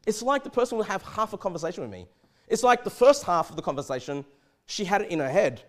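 Man, high voice, swooping lively pitch, preaching sermon, repeats words. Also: fast talker. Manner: animated, repeats and restarts words. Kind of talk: expository sermon.

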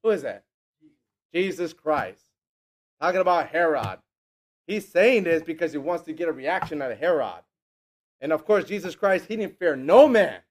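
High-voiced animated male preacher. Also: normal speed, long pauses, a little hiss or hum. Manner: animated, acts out quotes in mocking voices, laughs often. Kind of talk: sermon.

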